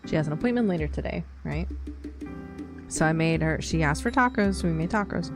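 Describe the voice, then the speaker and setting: Low, gravelly-voiced woman chatting casually. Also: expressive, a little fast, music in the background. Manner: rambling, many fillers and laughs. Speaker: streamer chatting with live chat. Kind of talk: casual chat.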